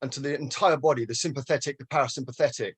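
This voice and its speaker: A man's voice: medium pitch, rapid-fire, breathy edge, no room sound. A man in a casual group chat, explaining earnestly with many fillers and restarts. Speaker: group participant.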